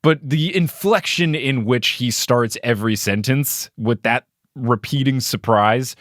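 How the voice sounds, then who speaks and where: A young adult man hosting a casual podcast, recapping a book with animated quote readings and frequent laughter. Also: measured pace, no echo, studio quality. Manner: reads quotes aloud with big pitch jumps, laughs often. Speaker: podcast host.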